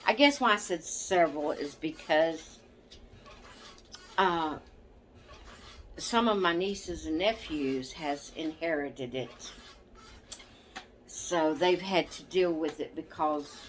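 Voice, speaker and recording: Older lady rambling at her camera, kinda low voice, laughs a lot, slight hiss. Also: takes it slowly, long pauses. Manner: rambling, chatty, laughs often, self-correcting. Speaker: vlogger. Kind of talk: casual chat to camera.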